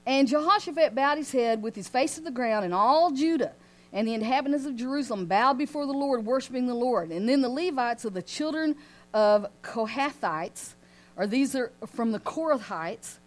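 Animated woman leading a Bible study. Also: sits high, moderate pace. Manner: animated, asks the group questions, laughs often. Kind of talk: informal Bible study teaching.

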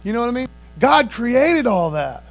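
A man's voice: extremely high pitch, sing-song, normal speed, creaky, fairly bright tone, faint music behind. A man preaching a casual, folksy sermon, laughing often and calling his listeners "man".

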